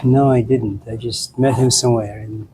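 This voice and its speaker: A male lecturer at a middling pitch tells a fable to his audience with wry, deadpan jokes. A faint hum of ambience sits behind his voice. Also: moderate pace. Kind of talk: storytelling lecture.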